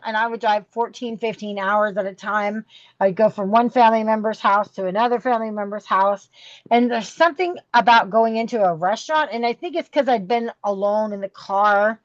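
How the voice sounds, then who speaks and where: Podcast guest, middle-aged woman, emotional rambling delivery, higher pitch, dull close recording. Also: dry recording. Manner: rambling, emotional, full of fillers. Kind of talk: candid interview storytelling.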